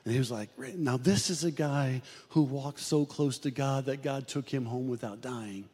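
Give me a man preaching an animated sermon, acting out quoted voices, in a reverberant hall. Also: moderate pace. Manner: animated preaching, acts out quoted voices, rises and drops in pitch.

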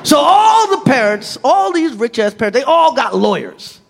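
A middle-aged man performing a profane, animated stand-up routine and acting out other people's voices. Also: extremely high pitch, moderate pace, vocal fry, a little hiss or hum. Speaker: stand-up comedian. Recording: long reverb of a large venue, faint ambience.

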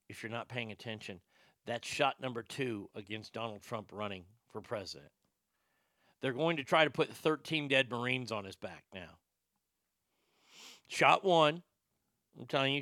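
Gravelly, profane older man ranting. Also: mid-range voice, bright, forceful tone, no room sound. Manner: profane, sarcastic, heated. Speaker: commentator. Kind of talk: ranting political commentary.

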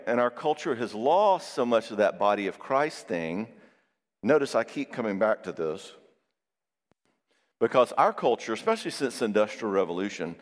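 A man giving a Christian marriage seminar. He talks in a conversational way, tags his points with "all right?" and tells lively personal stories. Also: on the low side. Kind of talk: live seminar talk to an audience. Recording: long reverb in a large hall.

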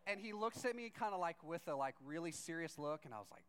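A man telling a funny personal story to a church audience, animated and self-deprecating, with sudden excited outbursts. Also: on the high side, fast, clear, resonant tone. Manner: animated, self-deprecating, jumps into excited shouts when acting out his own reactions. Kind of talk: comic storytelling.

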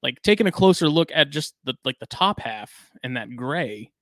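A man, co-hosting a podcast in casual chat, rambling and relaxed with lots of fillers. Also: fairly high pitch, normal speed, dry recording. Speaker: podcast co-host.

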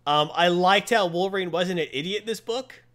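A man chatting casually as a podcast host, recapping a comic book in an animated way with frequent fillers. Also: high-pitched, brisk.

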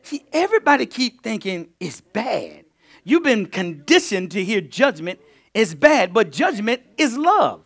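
Pastor, male, high-voiced and highly animated, preaching a sermon with loud peaks and low asides. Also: takes it slowly. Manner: call-and-response preaching, swings between loud bursts and low asides.

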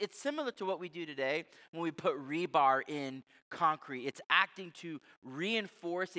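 Bright-voiced male pastor in a reverberant hall. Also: on the high side. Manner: conversational, emphatic explaining. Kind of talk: sermon.

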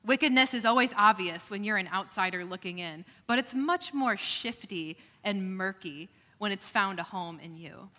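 A woman pastor giving a sermon in a measured way, with dry joking asides. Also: medium pitch, expressive, pushed and bright, big-room sound. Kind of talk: scripture reading and sermon.

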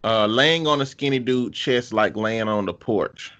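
Casual co-host: bright, forceful man, relaxed and profane, reads posts aloud deadpan. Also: lowish voice, measured pace. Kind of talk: casual chat.

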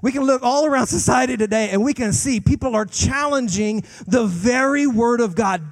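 A man, a guest pastor, preaching a sermon with passion, climbing to loud peaks and dropping to hushed lines. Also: very high-pitched, moderate pace, few pauses.

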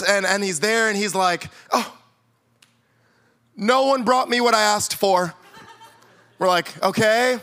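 A man's voice: high-pitched, steady tone, normal speed, sharp tone. A man, a youth pastor, preaching a sermon and telling stories with playful acted-out quotes in a church. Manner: storytelling, playfully acts out quotes. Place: church sanctuary.

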